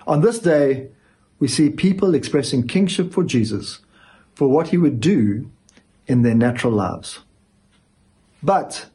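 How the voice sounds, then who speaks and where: A male pastor giving a sermon, speaking emphatically with dramatic pauses. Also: mid-range voice, mellow, husky.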